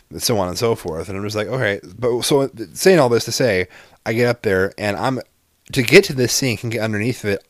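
Profane, animated man telling a story. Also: on the low side, dry recording, clean studio sound. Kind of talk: casual storytelling.

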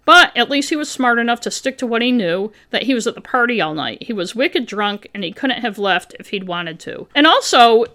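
Female podcast co-host, 50s, bright and tense in tone, higher register; dry, sarcastic case narrator. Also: lively intonation, fairly quick, hardly any pauses. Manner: wry and blunt, with sarcastic asides. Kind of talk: reading a true-crime case aloud with commentary.

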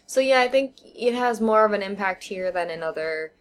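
A woman co-hosting a casual podcast chat, explaining her views at length with thoughtful pauses and fillers. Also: mid-range voice, expressive. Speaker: podcast co-host. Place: living in China.

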